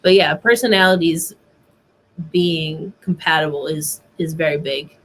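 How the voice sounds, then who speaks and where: A woman's voice: sits low, measured pace, a bit bright. A woman speaking as a guest on a casual podcast, chatty with lots of "like" and "um". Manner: casual, fillers like "like" and "um". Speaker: guest, concert photographer. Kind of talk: casual interview chat.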